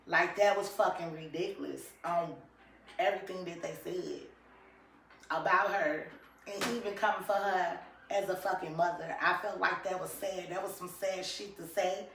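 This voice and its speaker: Recorded from a distance in an echoey room, a woman with a lowish voice gives casual, animated YouTube commentary straight to her viewers at a moderate pace. Her voice is off-mic, with slight background noise.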